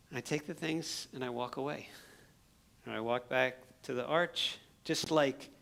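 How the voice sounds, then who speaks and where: Male missionary speaker, gravelly, mid-pitched, lively pulpit storyteller in church. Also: fairly quick. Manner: animated storyteller, acts out his own shouting. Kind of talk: sermon storytelling. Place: church sanctuary.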